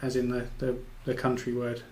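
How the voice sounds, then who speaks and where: A man as a podcast guest, chatting casually with teasing, deadpan jokes. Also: medium pitch, fairly quick, crowd noise, poor audio. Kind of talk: casual chat.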